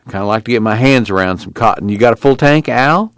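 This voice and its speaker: A man's voice: expressive, fast, no room sound, studio quality, close to an everyday voice. A man voicing a restless, worn-down young man in an audiobook reading, plain-spoken and tired. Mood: weary. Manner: plain-spoken, weary, lifted above the narrator's pitch.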